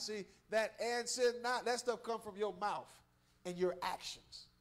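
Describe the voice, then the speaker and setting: High-voiced preacher man. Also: steady tone, measured pace. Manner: emphatic, repeats words and restarts, chuckles. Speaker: guest preacher, church elder. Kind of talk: revival sermon with call-and-response.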